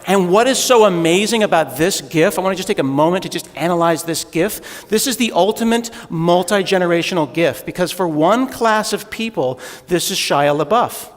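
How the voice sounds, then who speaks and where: A man's voice: sits high, expressive, normal speed, hardly any pauses. A man giving a humorous, self-deprecating conference talk, telling stories on stage in a large hall. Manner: joking, self-deprecating storyteller. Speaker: conference speaker. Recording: echoey hall with long reverb.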